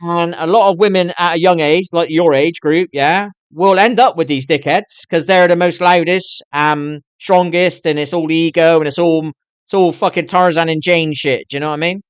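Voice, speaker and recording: Man, middle-aged, live streamer, raised pitch, bone-dry room, foul-mouthed, rambling, candid. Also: fairly even intonation, moderate pace, clean tone, no room sound. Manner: swears constantly, rambling and candid. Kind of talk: casual rambling chat to viewers.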